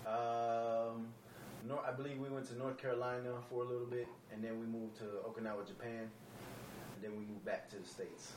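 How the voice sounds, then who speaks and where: A man's voice: medium pitch, flat delivery, brisk, a little mellow, echoey room, far from the mic, a little hiss or hum, rough recording. A man born in Brooklyn who grew up moving around with the military, telling joking anecdotes in a casual chat. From born in Brooklyn, raised as a military child.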